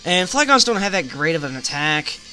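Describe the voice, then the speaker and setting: A man with a high, bright voice talks through a game battle in casual commentary. He narrates move by move in a chatty play-by-play. Faint music plays behind him. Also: very animated, moderate pace. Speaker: gaming channel host.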